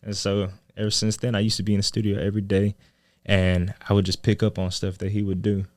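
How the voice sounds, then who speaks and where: A young man in his twenties speaks in a low, easy voice as a podcast guest, telling his story with laid-back slang. The sound is dry and close, with no room around it. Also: monotone, fast, dry recording. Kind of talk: casual interview.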